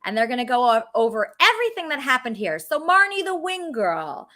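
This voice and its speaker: High bright-voiced woman hosting. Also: sing-song, a little fast. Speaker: host. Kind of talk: comic interview.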